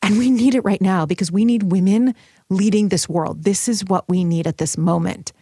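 A woman hosting a solo podcast, bubbly and emphatic as she rallies her listeners. Her pitch sits in an ordinary middle range. The sound is close and dry. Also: normal speed, dark tone, slightly rough, dry recording. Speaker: podcast host. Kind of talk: upbeat solo podcast talk.

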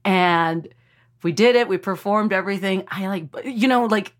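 A woman from Texas, a comedian telling a story in casual podcast chat, animated and full of fillers, acting out quotes. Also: mid-range voice, moderate pace. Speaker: comedian guest.

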